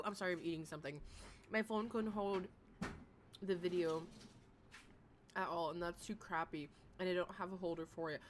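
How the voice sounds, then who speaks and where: A woman's voice: fairly low pitch, moderate pace, long pauses. Chatty woman streamer, faint hiss. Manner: chatty, lots of likes and laughs. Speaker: streamer reacting to a livestream. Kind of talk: casual chat to live chat.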